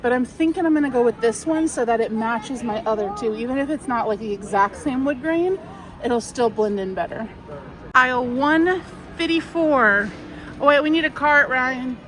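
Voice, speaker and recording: A woman's voice: high-pitched, moderate pace, fairly bright tone. Chatty young woman vlogging while she shops. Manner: chatty, self-mocking, talking to viewers while shopping. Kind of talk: casual shop-with-me vlog. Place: busy big stores, indoors.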